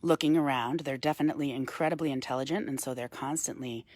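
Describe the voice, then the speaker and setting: A woman wildlife educator giving a live-streamed talk outdoors on a woodland path into a handheld phone, explaining calmly to viewers and cooing softly to the bird between. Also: a bass voice, quick pace, no room sound.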